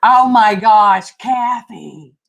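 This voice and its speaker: A woman with a Texan accent hosts a crafting livestream, chatting casually in a rambling, folksy way full of stories and asides. Her voice is fairly high and creaky, and she draws out her words.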